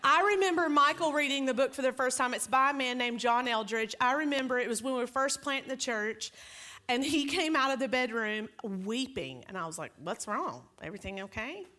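Brief: woman pastor with a bright, highish voice, preaching casually with self-deprecating humor. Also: brisk. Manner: lively, joking, self-deprecating storytelling. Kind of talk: conversational sermon.

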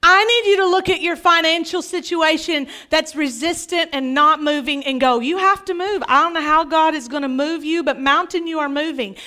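A woman pastor delivers a sermon with animated humor, acting out Bible scenes as she goes. Her voice sits high and rings bright and forward. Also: normal speed, few pauses. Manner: animated, acts out scripture dialogue with humor.

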